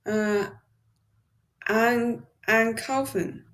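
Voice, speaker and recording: A woman's voice: a little high, fairly even intonation, drawn-out words, a bit bright. A woman practicing German in a lesson, carefully repeating words after the teacher. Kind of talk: language lesson.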